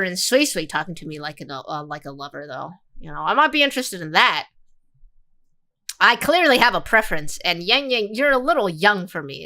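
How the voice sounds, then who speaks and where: A woman livestreamer giving casual commentary in an animated, crude and rambling way. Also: mid-range voice.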